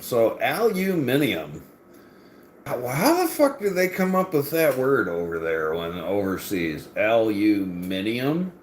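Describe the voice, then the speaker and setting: A man's voice: medium pitch, sing-song, normal speed, hardly any pauses, roomy sound, a little hiss or hum. A man vlogging in casual chat, rambling and joking with crude language.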